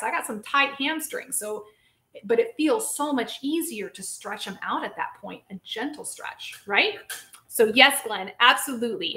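Chatty, lively woman hosting a live Q&A. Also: fairly high pitch, roomy sound. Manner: lively, chatty, addresses viewers as guys. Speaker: physical therapist and show host. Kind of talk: casual live-stream Q&A.

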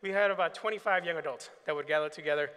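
Bright-voiced pastor in a reverberant hall. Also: male voice, a little high, rapid-fire, clean tone. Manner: anecdotal, acts out quoted dialogue. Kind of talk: keynote storytelling to an assembly. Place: large assembly hall.

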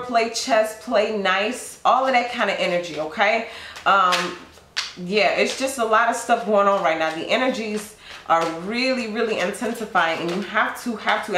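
A woman's voice: medium pitch, fairly bright tone, a little hiss or hum. Tarot-reading woman telling a story. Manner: addresses the listener directly, storytelling. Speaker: tarot reader. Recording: roomy echo.

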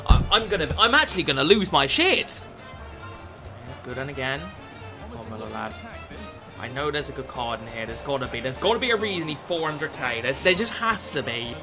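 Excitable young man yelling at gameplay. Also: fairly high pitch. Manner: excitable, swears, shouts at the game. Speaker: gaming YouTuber. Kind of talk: football video game commentary.

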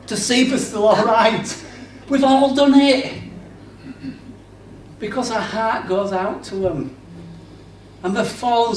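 A man preaching a sermon in a conversational manner, swinging between loud bursts and hushed passages. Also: sits high, recorded from a distance, slight background noise. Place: church hall. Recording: roomy, off-mic church recording.

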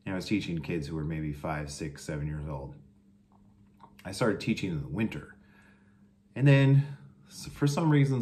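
Low-voiced man telling a funny story. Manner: animated, jumps high when quoting kids. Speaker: vlogger. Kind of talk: casual storytelling to camera.

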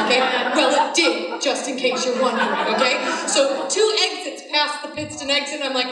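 A woman telling a personal story to a live audience in a chatty, animated way with wry asides. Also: sits high, moderate pace, a loud crowd. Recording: echoey hall, voice from a distance.

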